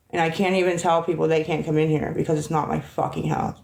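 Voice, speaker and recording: A woman's voice: low voice, level tone, quick pace, vocal fry, darkish tone, poor audio. A woman livestreaming on her phone, ranting in an agitated, profane way and rambling between topics. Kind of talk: rambling live-stream talk.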